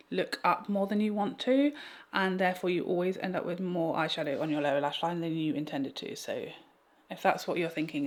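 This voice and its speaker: A woman vlogging a makeup tutorial at home, chatty and self-mocking as she talks straight to her viewers. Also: on the low side. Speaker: beauty vlogger. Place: home room with a fan.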